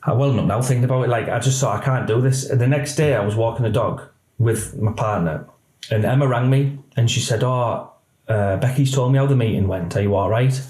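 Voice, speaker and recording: A man, a retired police officer telling a personal story in halting speech that often quotes others. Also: mid-range voice, darkish tone. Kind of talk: emotional personal account. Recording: roomy echo.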